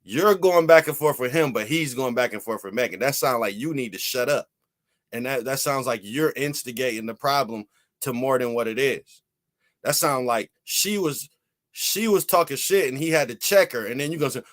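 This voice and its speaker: Sarcastic male commentator, mid pitch, dry close mic. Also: moderate pace, a bit bright, no echo. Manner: sarcastic, heckling, objecting. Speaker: commentator reacting to audio. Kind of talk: mock courtroom commentary.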